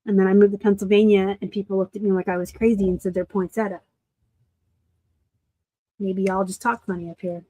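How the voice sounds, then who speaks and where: A woman from Arizona hosting a casual live unboxing of thrift finds, chatty and quick to laugh at herself. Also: mid-range voice, flat delivery, dark tone, dry recording. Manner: chatty, laughs easily, self-deprecating asides. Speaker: reseller host.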